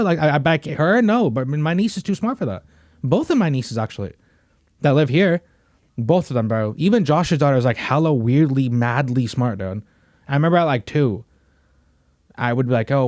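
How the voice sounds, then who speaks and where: A man's voice: medium pitch, darkish tone, no room sound, studio quality. A young man hosting a podcast, chatting casually in a slangy, rambling way full of "bro" and "you know what I mean". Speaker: podcast host. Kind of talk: casual chat.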